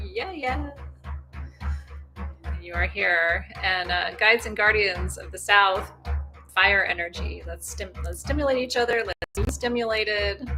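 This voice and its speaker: A woman's voice: medium pitch, a little slow, music in the background. A woman hosting a full moon ritual, chatting casually and calling in guides with playful whoops. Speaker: spiritual ritual host. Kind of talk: casual livestream ritual talk.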